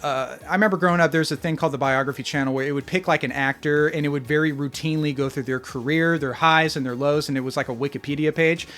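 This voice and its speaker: A man's voice: fairly high pitch, steady tone, fast talker, hardly any pauses, fairly bright tone, faint music behind. A man giving a casual spoken movie review, opinionated and rambling, often restarting his sentences. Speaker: film reviewer.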